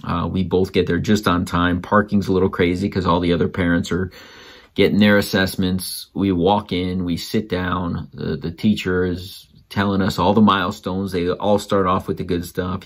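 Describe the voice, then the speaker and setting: A man with a slightly low voice tells a story the casual way a father talks about his kid. He is animated, leaning hard on key words and giving other parents emphatic advice. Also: normal speed. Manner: animated, jumps up in pitch when quoting others.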